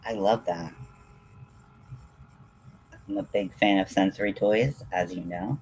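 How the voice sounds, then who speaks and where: Low-voiced man gushing on a craft stream. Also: a little slow, a little hiss or hum. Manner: gushing and excitable, many ums and restarts. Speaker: livestream host reading chat. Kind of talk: casual crafting livestream chat.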